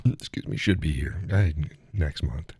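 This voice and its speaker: A man with a low, husky voice chats casually on his live stream. He rambles in a folksy way and chuckles often, and his voice sounds close and dry with no room echo. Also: unhurried, darkish tone. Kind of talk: casual chat with chat viewers.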